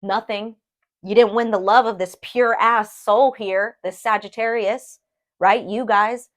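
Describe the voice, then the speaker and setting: Woman, casual tarot reader, chatty and animated, talks straight to viewers, mid-pitched. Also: measured pace. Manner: chatty and animated, addresses viewers as "you guys", frequent "okay?". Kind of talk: casual tarot reading to camera.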